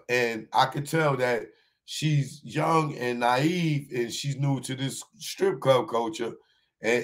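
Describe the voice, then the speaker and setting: A male comedian tells a story on stage in a loose, slangy flow, stumbling over and repeating his words. His voice sits in a middle pitch, and he jumps up into high shouts when he acts out other people. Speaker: stand-up comedian. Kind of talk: live stand-up storytelling.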